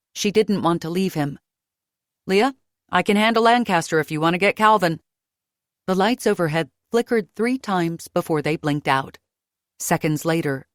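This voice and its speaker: Woman audiobook narrator, lower voice, dry close recording, first-person storytelling. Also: no echo. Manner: lively, raising pitch for her own character's dialogue.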